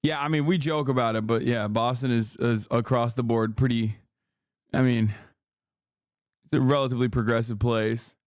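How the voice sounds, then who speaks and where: A man hosting a live stream, talking in brash, profane, casual commentary with quick asides into a close mic. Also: medium pitch, steady tone, no room sound. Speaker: livestream host.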